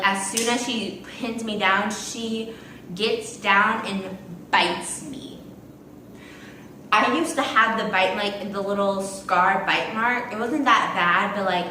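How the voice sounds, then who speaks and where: A young adult woman telling a casual storytime to the camera, chatty and animated with lots of fillers. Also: medium pitch, far from the mic, slight background noise. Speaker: vlogger. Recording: echoey room from off-mic.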